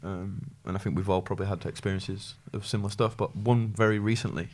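A man's voice: on the low side, fast talker. A young man telling a story in casual chat, acting out the voices of the people he quotes. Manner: animated anecdotes, acts out quoted voices.

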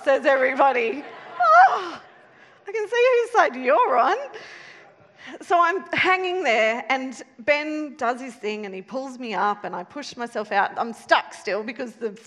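Animated high-voiced woman, hall reverb. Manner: animated, self-mocking, laughs while telling. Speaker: speaker telling a story to an audience. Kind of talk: storytelling talk with a moral. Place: room with a live audience.

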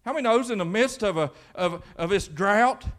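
A male pastor preaches by retelling a story with lively energy, often restarting his phrases. His voice sits high for a man. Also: normal speed. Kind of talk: sermon storytelling.

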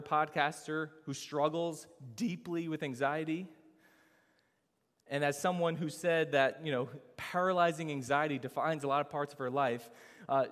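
A man's voice: fairly high pitch, fairly bright tone. A man preaching a sermon, building emphasis and asking rhetorical questions of the congregation. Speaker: pastor. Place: church sanctuary. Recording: long reverb of a large hall.

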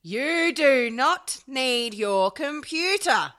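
A woman voicing a hysterical middle-aged mother who yells and pleads with her son. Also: expressive, drawn-out words, full character voice. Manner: shrill, yelling, desperate.

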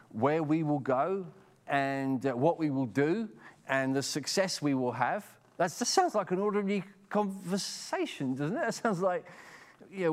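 A middle-aged Englishman with an English accent preaching a sermon in a conversational way, often repeating words as he starts a sentence. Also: on the high side. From England.

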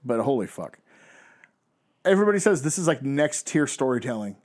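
A man's voice: medium pitch, very animated, a little fast, a little mellow. A man in his thirties ranting sarcastically and profanely in a casual podcast chat. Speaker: podcast co-host. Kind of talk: casual chat, wrestling recap.

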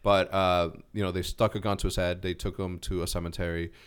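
A man's voice: sits low, fairly quick, clear, resonant tone. A man in his forties from Mexico, telling a long personal story in a casual podcast chat, with lots of restarts. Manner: storytelling, animated, many restarts. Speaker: podcast co-host.

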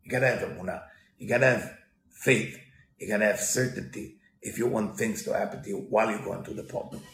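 A Torah teacher gives a storytelling lesson in broken English, weaving in Hebrew quotes. His male voice is on the low side, gravelly and a bit bright, and he talks a little fast. The recording has a roomy echo.

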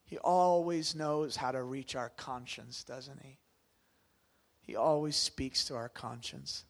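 A man preaching a sermon to a congregation, asking them questions and swinging from loud bursts down to hushed near-whispers. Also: mid-range voice, steady tone, takes it slowly, gravelly. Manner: conversational, asks the congregation questions. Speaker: pastor.

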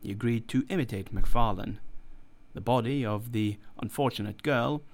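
A man's voice: medium pitch, gravelly. Man narrating a classic tale. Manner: measured, formal storytelling. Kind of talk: audiobook narration.

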